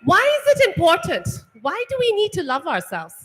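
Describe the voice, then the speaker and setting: A woman gives a motivational talk to a room of students. Her voice is high and swings up and down with animation as she piles on rhetorical questions. The long reverb of a large hall trails behind every phrase. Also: huge pitch swings, moderate pace, fairly bright tone. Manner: rhetorical questions, keeps asking "right?". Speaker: workshop speaker. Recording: echoey hall.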